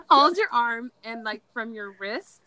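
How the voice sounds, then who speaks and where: A woman's voice: fairly high pitch, sharp tone, dry recording, rough recording. Chatty, dramatic young woman. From Latin American heritage. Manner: candid, dramatic, chatty, laughs often. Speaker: storyteller. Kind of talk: casual storytelling chat.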